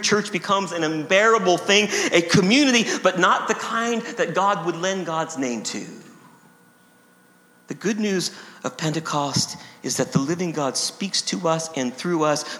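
Male pastor, high bright voice, emphatic repeating sermon, roomy church reverb. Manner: emphatic, repeats phrases for stress. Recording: echoey hall reverb.

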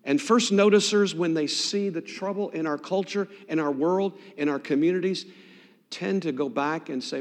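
Preacher with dramatic loud-to-hushed swings. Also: male voice, a little high, moderate pace. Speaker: pastor. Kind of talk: sermon. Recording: long hall reverb.

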